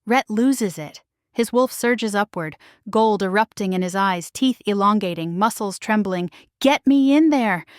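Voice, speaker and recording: A woman's voice: mid-range voice, a little slow, clear, resonant tone, dry recording, studio quality. A woman narrating a first-person romance audiobook in a dramatic, intimate storytelling manner.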